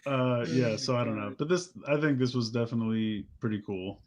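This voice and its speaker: A man co-hosting a casual chat show, animated and mocking, often acting out other people's lines. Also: medium pitch, brisk. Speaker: podcast co-host.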